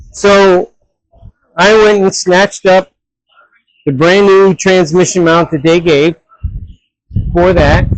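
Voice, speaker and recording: Blunt, loud-talking mechanic man. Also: high voice, dry recording, poor audio. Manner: blunt, direct and talks loud. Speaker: hot rod mechanic. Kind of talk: casual workshop vlog. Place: car garage. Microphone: headset mic.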